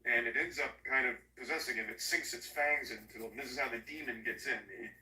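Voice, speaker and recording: A man recapping a horror movie in a casual, comedic, profane way, sarcastic and animated. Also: medium pitch, a little fast, far from the mic, crowd noise. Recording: echoey room, voice off-mic.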